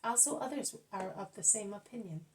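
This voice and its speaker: A woman reading a religious narrative aloud as an audiobook, calm and even, with quoted speech voiced softly. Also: mid-range voice, normal speed, distant mic, low-quality recording. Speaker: audiobook reader. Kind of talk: scripted narration of religious text.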